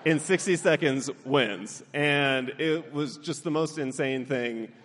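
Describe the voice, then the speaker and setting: A man's voice: on the high side, slow, a bit bright. A man in his thirties from Southern California doing a stand-up set, acting out voices and laughing through his punchlines. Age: 30s. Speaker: stand-up comedian, then guest. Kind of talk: stand-up comedy set, then casual interview chat. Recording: hall reverb, faint background noise.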